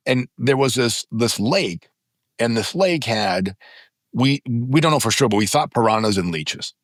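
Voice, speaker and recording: A man's voice: mid-range voice, expressive, unhurried, dry recording, studio quality. A man in his fifties, a podcast guest, telling stories emphatically and acting out the people in them. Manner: emphatic, dramatizes stories with quoted voices. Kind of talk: animated storytelling in conversation. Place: podcast studio.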